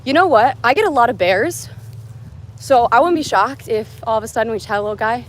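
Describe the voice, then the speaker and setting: A woman's voice: on the high side, lively intonation, fairly quick, slight background noise. A young woman livestreaming from her phone outdoors in the woods, chatting in a bubbly, rambling way as she answers viewers' comments. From United States. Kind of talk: casual livestream chat. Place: outdoors in wooded mountains.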